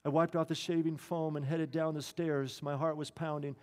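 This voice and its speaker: Earnest pastor preaching in a reverberant hall. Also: male voice, fairly high pitch, flat delivery, darkish tone. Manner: earnest, slowing down for emphasis. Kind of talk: sermon storytelling.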